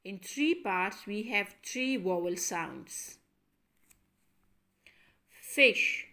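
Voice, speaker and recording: Slow woman teacher drilling syllables. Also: mid-range voice, animated, a bit bright. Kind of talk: classroom lesson.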